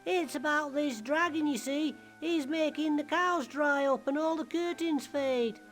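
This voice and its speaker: A woman's voice: high-pitched, a little slow, soft background music. An actress playing a blunt, chatty rustic peasant woman with a matter-of-fact, folksy manner.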